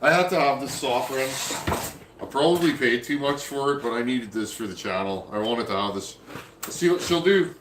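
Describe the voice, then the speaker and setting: A chainsaw builder from Canada, speaking with a Canadian accent, hosts a casual live stream in his home workshop, folksily rambling as he takes viewer comments. His medium-pitched voice has lively intonation and a moderate pace, amid an echoey room and background noise.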